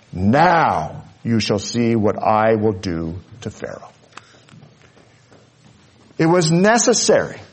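A man preaching a sermon, earnest, dropping to soft low asides and rising to loud high peaks. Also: slightly rough. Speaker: pastor.

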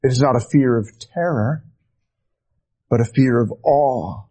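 A man preaching a sermon, slow and deliberate, rising to fervent emphasis and sinking to hushed, soft phrases. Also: mid-range voice.

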